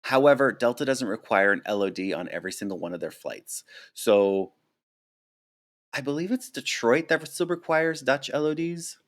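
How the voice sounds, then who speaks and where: A man casually answering viewer questions on a live stream, chatty and animated, with lots of fillers and restarts, speaking close to a desk mic at home. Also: medium pitch, moderate pace. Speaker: flight attendant streamer.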